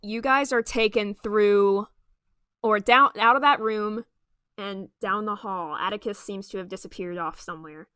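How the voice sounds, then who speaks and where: A woman's voice: mid-range voice, a little slow, pushed and bright, no echo, studio quality. A young woman narrating as game master for a tabletop role-play, a little hesitant. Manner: hesitant, with frequent ums.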